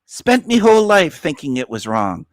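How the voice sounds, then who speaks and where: A rueful figure with a put-on Irish lilt, as a man voices him. The lines come slow and sing-song, lifted high above the speaker's usual voice and drawn out like a lament. The sound is dry and close, with little room around it. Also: very animated, no room sound.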